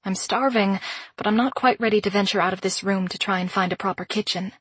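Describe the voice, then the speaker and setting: A woman narrating a first-person audiobook in a measured, introspective way. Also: mid-range voice, breathy edge, no echo.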